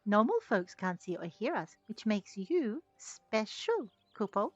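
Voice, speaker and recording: A woman voicing a small, cheerful forest creature from a video game in a squeaky, high voice, reading its lines aloud while she plays. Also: very animated, unhurried, dry recording, highs cut off, soft background music. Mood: chirpy. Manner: chirpy, ends lines with a cute verbal tic.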